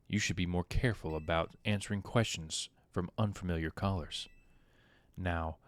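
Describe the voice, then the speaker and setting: A man voicing a smooth, politely threatening male loan shark on a phone call in a video game. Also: deep voice, no room sound, natural voice.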